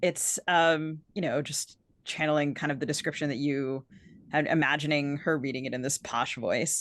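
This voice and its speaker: Low-voiced woman co-host, chatty. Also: normal speed. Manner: chatty, with frequent filler "like". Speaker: podcast co-host. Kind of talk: casual interview chat.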